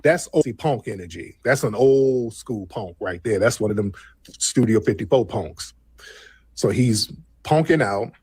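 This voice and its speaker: A man's voice: lowish voice, expressive, unhurried, a little mellow, slightly rough. A man hosting a live call-in show, repeating prompts to callers and mocking an angry one. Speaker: host.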